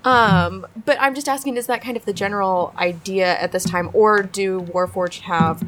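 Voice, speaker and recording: Woman player, curious, hesitant, casual chat, mid pitch. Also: normal speed, fairly bright tone, a little hiss or hum.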